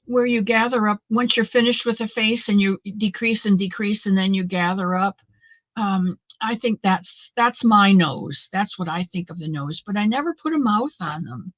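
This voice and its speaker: A woman's voice: mid-range voice, moderate pace, dry recording, highs cut off. Motherly woman hosting a knitting stream. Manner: warm, motherly, talks straight to viewers; earnest and faith-filled. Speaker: host of a live knitting stream. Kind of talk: casual live-stream chat.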